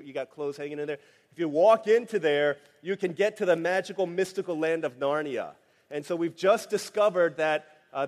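A man preaching a sermon in a relaxed, conversational way, telling a family story with many fillers. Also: on the high side. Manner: conversational, anecdotal, frequent fillers. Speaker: pastor. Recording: long hall reverb.

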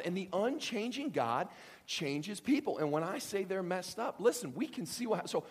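A man preaching a sermon to a congregation, joking and acting out voices with lively energy. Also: a little high, long reverb tail. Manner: animated, joking, acts out voices. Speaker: pastor.

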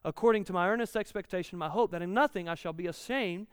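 A man's voice: high voice, quick pace, clear, resonant tone, no room sound, studio quality, in a large hall. A man in his thirties preaching a conversational sermon, repeating key lines and rising in volume when he reads scripture.

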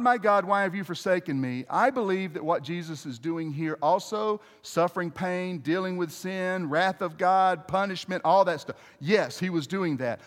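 A male pastor with a high-pitched voice delivers a sermon, his words carrying a long reverb through a church hall. He talks conversationally, restarting phrases and turning to the congregation with questions.

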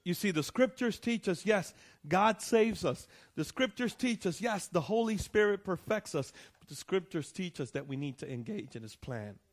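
A man's voice: high voice, lively intonation, moderate pace. A man, a pastor, preaching a conversational sermon, checking in with the congregation and rising to emphatic peaks.

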